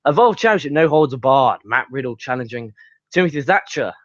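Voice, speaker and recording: A man's voice: mid-range voice, expressive, brisk, no room sound. A young man reviewing a wrestling show, recapping matches play by play and ranting with heavy swearing. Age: young adult. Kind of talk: casual review monologue. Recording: dull lo-fi sound.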